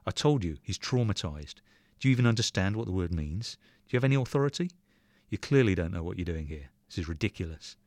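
A man's voice: low-pitched, fast, no room sound. A man reading aloud and voicing a tired, stern male factory owner who speaks firmly and commands. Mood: angry. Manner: firm, commanding.

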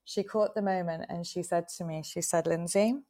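Earnest low-voiced woman. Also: steady tone, moderate pace, mellow. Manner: earnest, heartfelt storytelling. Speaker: co-host, retreat facilitator. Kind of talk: casual live-stream chat.

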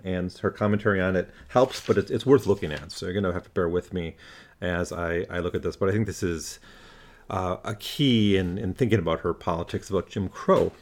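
A man's voice: sits low, moderate pace. A man giving a literature lecture, thinking aloud with frequent restarts and reading a long passage aloud.

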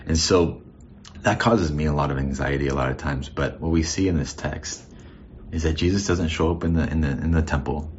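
A pastor with an exceptionally deep, low voice gives a casual, thoughtful sermon, circling back and restarting his phrases as he goes. The recording sounds muffled and lo-fi, with a faint hum of ambience underneath. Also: brisk, a little mellow. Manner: conversational and reflective, with frequent restarts.

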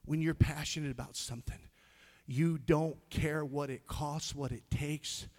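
A middle-aged preacher with a notably high voice delivers his sermon with fervor. He sings lines of a song, laughs along with his congregation and calls back to them. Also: fairly even intonation, unhurried. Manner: loud, preachy call-and-response with singing and laughter. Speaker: pastor.

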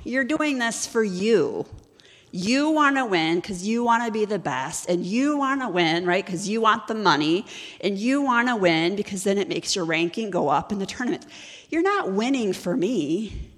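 A woman's voice: mid-range voice, lively intonation, moderate pace, fairly bright tone. A woman acting out a blunt young noblewoman who challenges a knight in an insistent, lecturing way, in a large echoing hall.

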